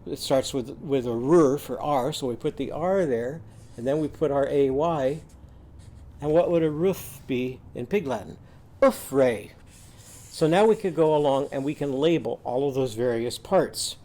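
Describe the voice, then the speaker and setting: A man's voice: medium pitch, normal speed, mellow. A man demonstrating a reading lesson, with an upbeat, sing-song teaching manner, sounding out letters and cheering.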